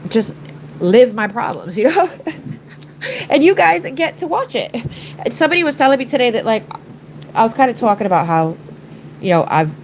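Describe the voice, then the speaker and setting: A woman, audibly congested, rambles to her livestream viewers in easy, conversational bursts. Her pitch sits in an ordinary middle range. Faint room noise hums under the recording. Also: rough recording. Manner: chatty, rambling, talks to viewers and her pets. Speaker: nail art livestreamer. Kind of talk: casual livestream chat while doing nails.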